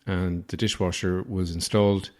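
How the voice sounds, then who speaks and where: Irish podcast host, lowish voice, rambling, self-deprecating comic storyteller. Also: male voice, flat delivery, moderate pace, darkish tone.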